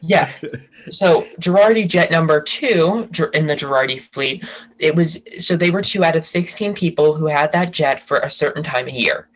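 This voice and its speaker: A man guesting on a podcast, telling gossip in an animated way and acting out what people said. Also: on the high side, moderate pace, rough recording. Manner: animated storyteller, acts out quotes. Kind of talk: casual gossip chat.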